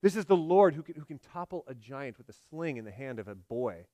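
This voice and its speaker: A man preaching a sermon, swinging from loud emphatic lines to hushed, low delivery. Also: no echo, studio quality. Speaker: pastor.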